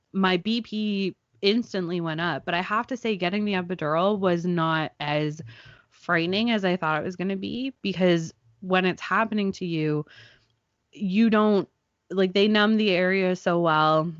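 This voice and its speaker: Lower-voiced woman telling a lively story. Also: no echo, lo-fi sound. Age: 30s. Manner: animated storytelling, acts out quoted people. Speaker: podcast host. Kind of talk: casual chat.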